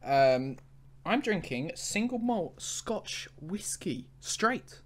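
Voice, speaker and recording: A man's voice: high-pitched, sing-song, very slow. A man co-hosting a casual podcast chat, laid-back and laughing easily. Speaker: podcast co-host.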